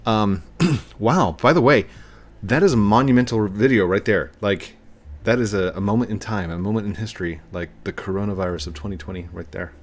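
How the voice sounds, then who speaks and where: A man's voice: on the low side, a little fast. Chatty man with a Missouri twang. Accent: rural Missouri twang. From Missouri, USA. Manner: rambling, chatty, self-mocking, chuckles often. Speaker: gaming channel host. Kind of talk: casual gameplay commentary. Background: faint game music.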